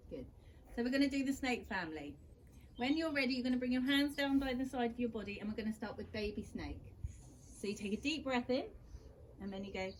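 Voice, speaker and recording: A young woman leads a children's yoga session in a gentle, encouraging way. Her voice sits slightly high. A faint hum of background noise runs underneath. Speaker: kids yoga teacher. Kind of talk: guiding a children's yoga class.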